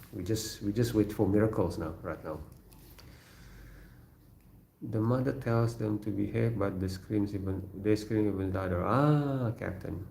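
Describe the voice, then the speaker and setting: A man from Indonesia with an Indonesian accent, hosting a casual livestream from his kitchen, answering viewer comments in a halting way with many fillers and frequent chuckles. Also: lowish voice, vocal fry, warm tone, a little hiss or hum. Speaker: livestream host. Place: home kitchen. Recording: roomy echo.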